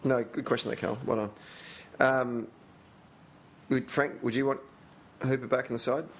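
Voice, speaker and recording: A man's voice: mid-range voice, fairly even intonation, normal speed, slight background noise. Laughing man hosting banter. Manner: loose, laughing, swearing banter, asks the questions. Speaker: podcast co-host. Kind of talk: casual chat.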